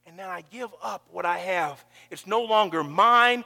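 A man preaching a sermon, swinging from loud calls to near-whispers. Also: very high-pitched, normal speed, creaky, few pauses, long reverb tail.

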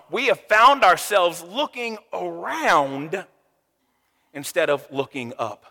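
A man's voice: on the high side, pushed and bright, big-room sound. A pastor preaching a sermon with emphasis, putting rhetorical questions to the congregation and often stumbling and repeating his words.

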